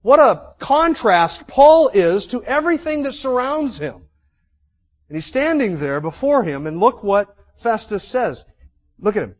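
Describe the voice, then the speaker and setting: A male preacher with a high voice delivers a sermon as a vivid story. He pauses to ask his listeners rhetorical questions. The recording sounds slightly muffled. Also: big pitch swings, darkish tone.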